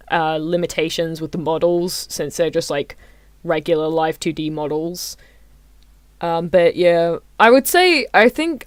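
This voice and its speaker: Woman streamer, giggly chat reacting to anime, slightly low voice, dry sound. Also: no room sound. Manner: giggly, chatty, rambling asides to chat. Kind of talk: casual watchalong commentary. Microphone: desk mic adjusted mid-stream.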